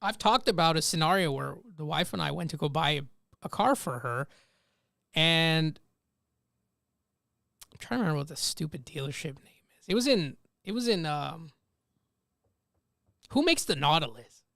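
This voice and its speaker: A man co-hosting a podcast, telling a story in casual chat, quoting himself and others with animated asides. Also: a little high, moderate pace, vocal fry, pauses often, dry recording, clean studio sound. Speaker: podcast co-host.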